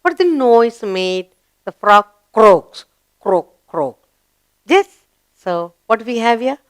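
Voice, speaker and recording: A woman leads a slow, sing-song grammar lesson for young children. Her fairly high voice swings widely in pitch and sounds smooth and clear. The recording is dry, with no room sound. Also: big pitch swings, no echo. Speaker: teacher.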